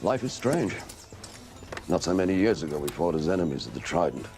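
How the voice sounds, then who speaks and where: An older actor playing a modest, dignified veteran knight with a Southern English accent that has touches of Irish. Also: male voice, low voice, very animated, brisk, music in the background. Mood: reflective. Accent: Southern English with Irish traces.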